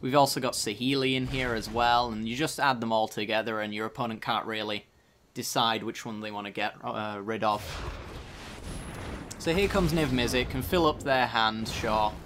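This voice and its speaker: Man, casual gameplay commentary, mid-pitched voice, thinking out loud, faint background noise. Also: fairly even intonation, moderate pace. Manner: casual, thinking aloud while playing. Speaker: gaming channel host. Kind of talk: card game commentary.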